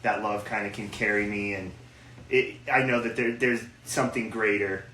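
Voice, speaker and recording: Male podcast host, bright tense tone, halting questions, echoey room. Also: on the low side, steady tone. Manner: hesitant, searching questions. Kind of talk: podcast interview. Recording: roomy, distant mic, faint noise.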